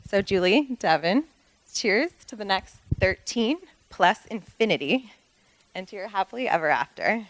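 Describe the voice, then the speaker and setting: A woman's voice: mid-range voice, animated, unhurried, no echo, rough recording. A woman reading a prepared, fond wedding toast about a long friendship, with light laughs between phrases.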